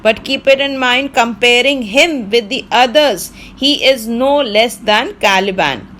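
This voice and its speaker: A woman English literature teacher who reads out lines from a play and paraphrases them in plain words, with many fillers and pauses. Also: a little high, fairly bright tone.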